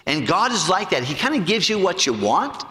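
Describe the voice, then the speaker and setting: Male preacher, sermon, lively pitch, slightly high voice, acts out stories, echoing hall. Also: normal speed. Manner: animated storytelling, acts out voices and jokes. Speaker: pastor.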